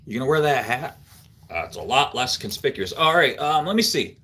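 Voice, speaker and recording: A man's voice: medium pitch, sing-song, fairly quick, sharp tone. Rambling middle-aged man chatting on stream. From Central New York. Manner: rambling storyteller, filler-heavy, laughs easily. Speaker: livestream host. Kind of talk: casual chat with live viewers.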